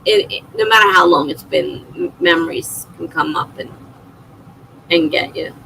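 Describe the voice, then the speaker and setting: A woman's voice: on the low side, moderate pace, creaky, bright, forceful tone, slight background noise, poor audio. A middle-aged woman hosting a livestream, chatting casually and laughing often as she reads viewer comments aloud. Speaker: livestream host.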